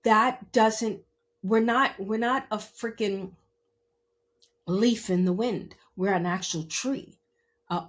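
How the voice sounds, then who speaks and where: Candid, emphatic woman podcast host. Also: medium pitch. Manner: candid, emphatic, conversational, checks in with listeners. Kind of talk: motivational monologue.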